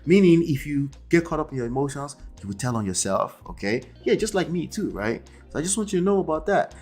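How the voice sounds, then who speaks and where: A man's voice: mid-range voice, husky. Emphatic male coach reacting to a clip. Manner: emphatic, keeps checking in with "okay?" and "right?". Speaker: relationship coach and host. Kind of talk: reaction commentary on a debate clip.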